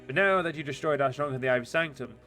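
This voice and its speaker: A man reading out the lines of a scheming female demon cultist in a video game. He reads quickly and stumbles over words, in close to his own voice. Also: on the high side, bright, forceful tone, faint music behind. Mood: taunting. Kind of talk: reading game dialogue aloud.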